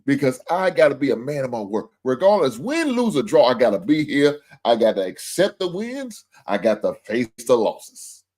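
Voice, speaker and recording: A man's voice: medium pitch, big pitch swings, moderate pace, hardly any pauses, darkish tone. A man hosting a livestream sports show, venting with profane, heated talk about his team's loss and calling out viewers directly. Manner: addresses viewers and super chat senders directly.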